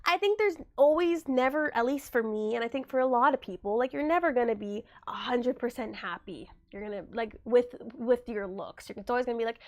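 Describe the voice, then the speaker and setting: Young woman streamer, slightly higher voice, easygoing chat with viewers, a little under the weather. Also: expressive, normal speed. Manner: chatty, reads and answers chat aloud. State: getting over a cold. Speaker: livestreamer. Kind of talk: casual livestream chat.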